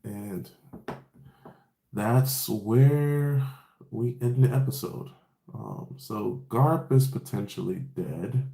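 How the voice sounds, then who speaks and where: A man's voice: mid-range voice, extremely slow, gravelly, long pauses, mellow. Laid-back man recapping with roomy echo. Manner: rambling, profane, laid-back storytelling with fillers. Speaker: anime episode recap host. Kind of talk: casual episode recap.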